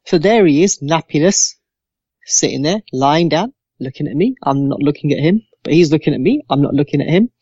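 A man in his thirties, a podcast co-host, telling a lively anecdote with plenty of swearing and acted-out voices. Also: fairly high pitch, a little fast, slightly rough, no echo. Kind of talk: casual storytelling. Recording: dry, slightly dull lo-fi sound.

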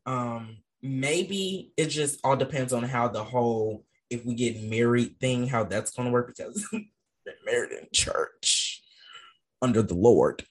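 A man co-hosting a casual podcast, thinking aloud in a hesitant, unhurried way. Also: mid-range voice. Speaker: podcast co-host.

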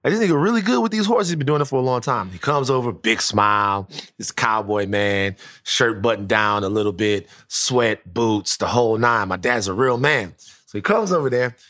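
A man telling a long personal story in casual chat, animated and profane, often restarting his sentences. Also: lowish voice, moderate pace, dry recording, studio quality.

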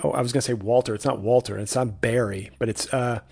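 A man's voice: medium pitch, fairly even intonation, fast talker, vocal fry, darkish tone, husky. A man hosting a podcast in a casual, rambling comedic monologue that often breaks off and restarts. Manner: rambling, self-interrupting. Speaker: podcast host.

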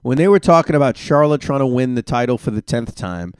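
Animated, opinionated man hosting a podcast. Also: medium pitch, brisk, clean tone, no room sound, studio quality. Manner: opinionated, ranting; animated, emphatic. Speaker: podcast host. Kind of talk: solo podcast reaction.

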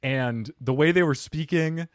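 A man hosting a podcast, chatting casually in a playful, animated way and laughing easily. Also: fairly high pitch, unhurried, dry recording, clean studio sound. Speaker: podcast host. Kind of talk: casual chat.

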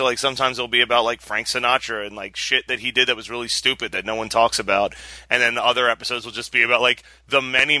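A male podcast host chatting casually, laughing often and swearing freely. His voice is strikingly bright and forward. The sound is dry and close. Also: medium pitch, no echo. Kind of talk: casual chat.

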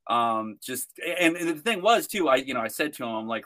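A man's voice: medium pitch, expressive, a little fast, hardly any pauses, pushed and bright. A man telling a long story on a podcast, rambling with many restarts and fillers. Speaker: guest, protester.

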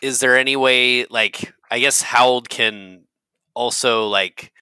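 A man's voice: medium pitch, steady tone, slow, sharp tone, smooth, dry recording, poor audio. A man playing a tabletop game, chatting loosely with lots of fillers. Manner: loose, filler-heavy speech. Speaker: player. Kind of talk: casual chat at a game table.

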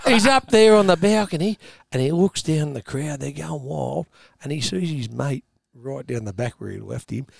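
A man telling a long joke, animated and laughing at his own lines. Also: fairly high pitch, moderate pace, creaky, hardly any pauses, dry recording.

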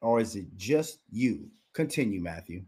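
A man's voice: on the low side, animated, moderate pace, dark tone, slightly rough. A man hosting a podcast, delivering a heated commentary rant full of rhetorical questions and repeating his rival's name for emphasis. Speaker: podcast host.

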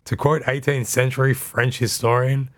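For a history podcast, this male narrator keeps an even, mid-level pitch. He reads in a calm, scripted manner and now and then slips in a wry remark.

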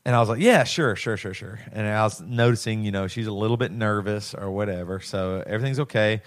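Low-voiced man telling an emotional story. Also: fairly even intonation, fast, clean tone, dry recording. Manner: emotional, rambling storytelling with many restarts. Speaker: podcast co-host. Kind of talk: casual chat.

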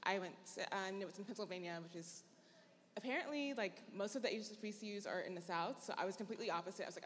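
A woman's voice: mid-range voice, quick pace, a bit bright. A young woman from Tennessee, a panelist telling her story in a casual, chatty, reflective way. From Tennessee, USA. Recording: long hall reverb.

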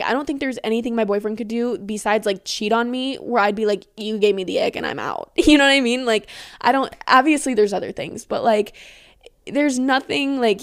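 A young woman hosting a podcast in casual, rambling chat, giggly and freely swearing. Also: a little high. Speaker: podcast host.

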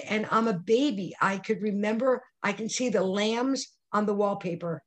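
Older woman, podcast guest, animated storytelling, voices the people she quotes. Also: mid-range voice, normal speed. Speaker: psychic medium guest. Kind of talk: storytelling interview answers.

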